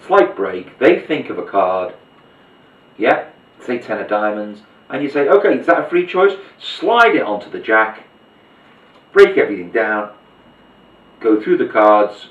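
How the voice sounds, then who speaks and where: Man explaining a card trick, low voice from across a roomy space. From Liverpool, England. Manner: chatty, step-by-step explaining while handling cards. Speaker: magician teaching a card trick. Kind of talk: demonstration tutorial. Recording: roomy, distant, dull-sounding recording.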